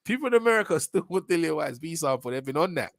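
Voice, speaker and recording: Guy ranting on a boxing stream, a bit high, dry close sound, says stuff twice. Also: fast, gravelly, no echo. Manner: animated, slangy, repeats himself. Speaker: boxing livestream host. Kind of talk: casual livestream commentary.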